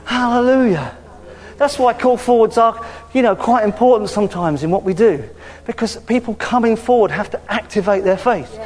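Male preacher with a high voice, chatty and animated, recorded with long hall reverb. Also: normal speed. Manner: lively, conversational preaching with frequent hallelujahs. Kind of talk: sermon. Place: church hall.

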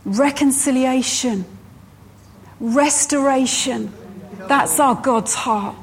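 A woman preaching a sermon to her church, slow and emphatic, driving her points home by repeating phrases. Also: high voice.

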